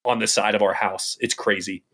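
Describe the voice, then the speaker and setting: A man's voice: lowish voice, steady tone, brisk, fairly bright tone. A man co-hosting a casual chat show, telling a long, rambling story. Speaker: co-host.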